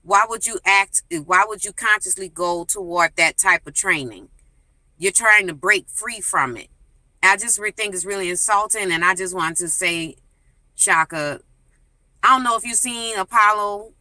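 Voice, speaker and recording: Indignant woman caller, bright voice. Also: mid-range voice, normal speed, no echo, rough recording. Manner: indignant, scolding, rhetorical questions. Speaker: caller on a live stream. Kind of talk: impassioned call-in commentary.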